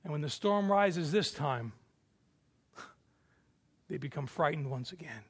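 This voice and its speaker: A male pastor preaching a sermon, moving between hushed reflection and forceful declarations. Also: fairly high pitch, animated, takes it slowly, slightly rough.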